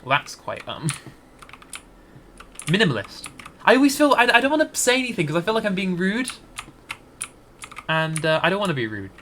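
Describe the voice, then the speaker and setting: Rambling Scottish man, lively bright voice. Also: high voice, normal speed, pauses often, slight background noise. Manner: rambling, hesitant, many restarts. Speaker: gaming YouTuber. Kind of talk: casual gameplay commentary.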